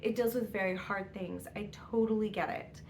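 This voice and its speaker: A woman's voice: mid-range voice, fairly even intonation, normal speed, a little mellow, a little hiss or hum. A woman vlogger chatting casually about books, rambling and laughing often. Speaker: book vlogger. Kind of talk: casual book tag chat.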